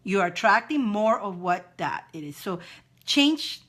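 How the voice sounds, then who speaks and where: A woman's voice: medium pitch, lively intonation, unhurried, fairly bright tone. A woman hosting a live-stream spiritual advice chat, encouraging viewers with repeated phrases and reading out their comments. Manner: repetitive, encouraging, reads viewer comments aloud.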